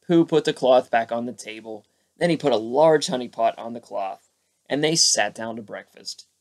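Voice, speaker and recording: A man's voice: mid-range voice, moderate pace. Male bedtime storyteller. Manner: lively, voices each character. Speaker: storybook narrator. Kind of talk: bedtime story read-aloud.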